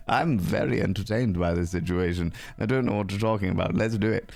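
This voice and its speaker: A man's voice: fairly low pitch, fairly quick, gravelly, darkish tone, no room sound. A man hosting a livestream, chatting casually with viewers in a playful, cheeky way with some swearing. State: sleepy. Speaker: livestream host.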